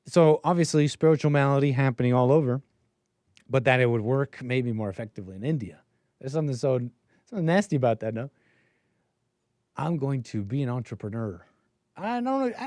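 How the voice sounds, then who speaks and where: A man hosts a call-in show alone, delivering a solo commentary monologue in stop-start bursts that trail off into muttered asides. His middle-pitched voice has a darkish tone, recorded dry and close with no room sound.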